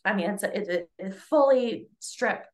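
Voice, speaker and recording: A nonprofit leader in her forties speaks as a guest in a conversational interview, earnest and prone to fillers and restarts. Her voice is medium-pitched and expressive, at a normal speed.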